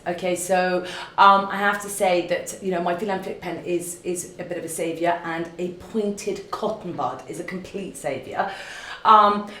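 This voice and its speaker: A woman, gushing and effusive as she answers fan questions in a live makeup demonstration from an office. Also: medium pitch. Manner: gushing and effusive, full of fillers and restarts. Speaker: beauty brand founder answering fan questions. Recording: roomy echo.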